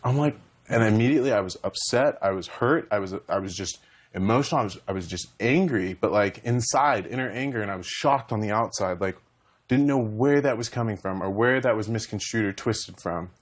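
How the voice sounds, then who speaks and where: A man's voice: fairly low pitch, brisk. A young man and reality show contestant, rambling emotionally as he retells conversations in a heated talk.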